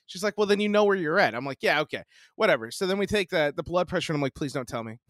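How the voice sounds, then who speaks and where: A podcast co-host in his forties chats casually, telling a profane story and performing the voices of everyone in it. His high voice is expressive and racing, with a fairly bright tone and no echo.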